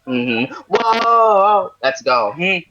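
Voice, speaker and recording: A man playing in a tabletop game, excitable and joking. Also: medium pitch, moderate pace, soft background music. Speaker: player. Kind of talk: casual tabletop play. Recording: slightly dull, lo-fi mic.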